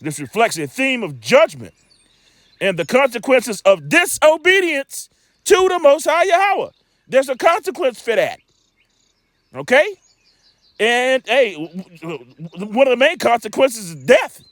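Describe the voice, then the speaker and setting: A man's voice: very high-pitched, sing-song, measured pace, fairly bright tone, no room sound, clean studio sound. A man teaching scripture in a loose sermon style, rambling and emphatic, with lots of stammering restarts and streetwise asides.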